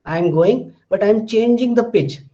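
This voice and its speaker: A man's voice: high voice, normal speed, mellow. A man giving a phonetics lecture, explaining patiently and repeating his examples. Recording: muffled lo-fi classroom recording.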